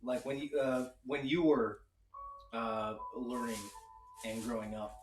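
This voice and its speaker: A man's voice: medium pitch, steady tone, takes it slowly, recorded from a distance, faint music behind. Guy game-mastering a tabletop session, lots of uhs, heard from a bit off mic in an echoey room. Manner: describes scenes with frequent fillers.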